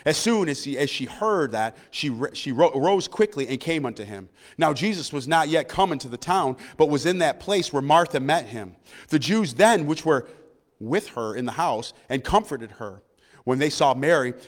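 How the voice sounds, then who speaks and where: A man reading scripture aloud and then preaching, earnest and growing excited. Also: fairly high pitch, normal speed, long reverb tail. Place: church.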